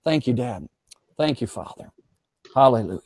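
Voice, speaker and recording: A fervent man delivers prophetic words to viewers, his voice sitting somewhat high for a man. He repeats each phrase again and again and slips into speaking as God. The sound is close and dry, with no room echo. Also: moderate pace, a little mellow. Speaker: guest pastor.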